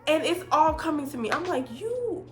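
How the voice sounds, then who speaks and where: Animated woman telling a storytime. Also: sits high, fast talker, loud music behind the voice. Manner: animated, expressive, swearing. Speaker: vlogger. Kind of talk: storytime vlog.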